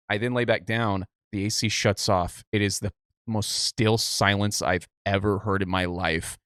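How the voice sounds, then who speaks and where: A man's voice: fairly low pitch, moderate pace, smooth, no room sound, studio quality. A man co-hosting a podcast, telling a long story in casual chat, rambling with many restarts. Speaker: podcast co-host.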